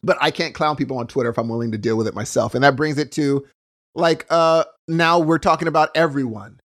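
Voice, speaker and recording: A man in casual conversation, talking in an animated way and acting out the voices he quotes. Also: a little high, fairly quick.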